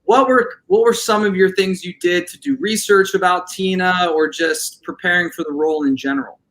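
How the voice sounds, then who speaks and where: Guy interviewer, high bright voice, playful and casual. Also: normal speed, gravelly, poor audio. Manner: playful, casual slang, rambling questions.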